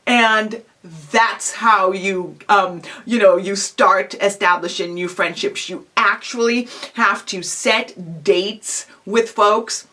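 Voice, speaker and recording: A woman's voice: mid-range voice, steady tone, slow pace, few pauses, pushed and bright. A woman giving a self-help video lecture on psychology, talking straight to the listener in a direct, encouraging way and asking rhetorical questions. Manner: rhetorical questions, frequent "um" and "you know". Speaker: psychology professor giving advice.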